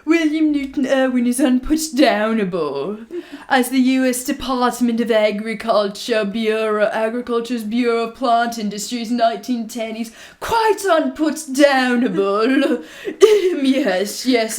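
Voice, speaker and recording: Woman doing a pompous put-on British accent, high-pitched, loud, slow and giggly. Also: natural voice.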